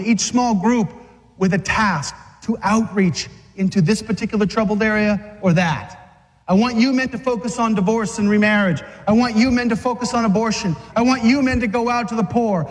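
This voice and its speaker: A man preaching an urgent, fiery sermon to men, exhorting them and acting out scenes. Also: very high voice. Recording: long reverb of a large hall.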